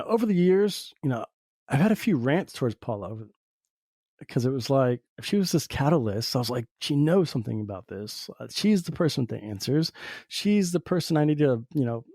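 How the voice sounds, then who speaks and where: A man's voice: mid-range voice, warm tone, no echo, clean studio sound. A man hosting a podcast, talking through a personal reflective monologue in a rambling way, full of "you know" fillers. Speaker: podcast host. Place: lives in Southern Oregon.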